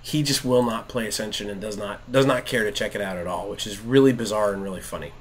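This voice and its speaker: A man's voice: lowish voice, fast talker, slight background noise. A man in his thirties chatting casually while gaming, telling stories with lots of laughter and acted-out quotes. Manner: animated storyteller, acts out quotes, laughs often. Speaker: podcast co-host, father.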